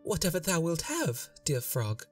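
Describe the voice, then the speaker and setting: Casting: man doing a pleading storybook princess, high and lifted, heard from some distance. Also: huge pitch swings, a little slow, faint music behind, full character voice. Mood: eager. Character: young spoiled princess, tearful.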